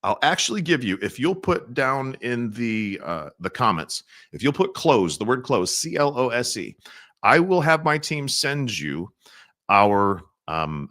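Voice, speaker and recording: Running a sales training session, a middle-aged man with a lowish voice poses questions to the audience and performs quiet, gentle sales pitches as examples.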